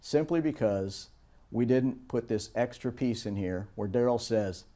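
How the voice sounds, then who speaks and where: Man telling a lecture story, dark tone. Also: mid-range voice, measured pace. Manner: animated anecdotes. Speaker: course instructor.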